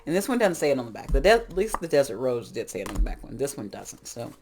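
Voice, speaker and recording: A woman's voice: rumbling low, big pitch swings, fast, background noise. A middle-aged woman, a tarot reader, talking casually about spiritual growth in a rambling, frank way that often breaks off and restarts. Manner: rambling, frank, self-interrupting.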